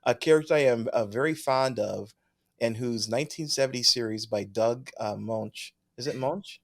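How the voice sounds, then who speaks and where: This man co-hosts a podcast and reads out listener mail in a casual, chatty way. His voice is medium-pitched and his speed is normal, and he keeps laughing and leaving sentences unfinished.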